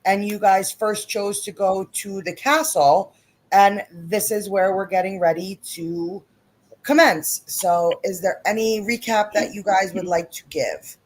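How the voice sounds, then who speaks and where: A woman running a tabletop role-playing game, recapping the story for a live stream in a brisk, teasing way. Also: medium pitch, steady tone. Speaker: game master.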